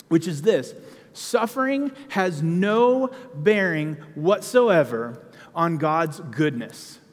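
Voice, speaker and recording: High-voiced preacher in a reverberant hall. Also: male voice. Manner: conversational preaching with emphatic outbursts. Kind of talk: sermon.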